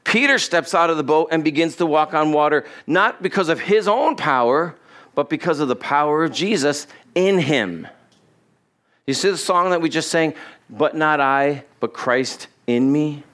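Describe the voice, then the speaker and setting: This clip has a man preaching in church at a moderate pace, his voice slightly high. As pastor, he animatedly acts out what the Bible characters say, recorded on a body-worn mic with a cable.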